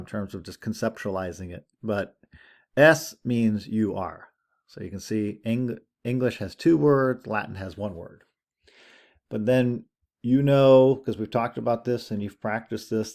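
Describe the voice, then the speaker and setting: Gravelly, relaxed male Latin teacher. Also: fairly low pitch. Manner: relaxed, conversational, thinks aloud with fillers. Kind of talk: recorded lecture over screen share.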